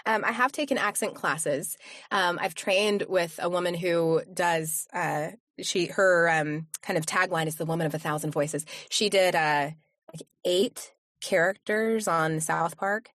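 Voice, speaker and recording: Brief: chatty woman coach, lowish voice, fillers and restarts, close dry recording. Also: measured pace, a bit bright, dry recording. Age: adult with young kids. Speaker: voiceover coach, podcast guest. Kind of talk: casual interview chat.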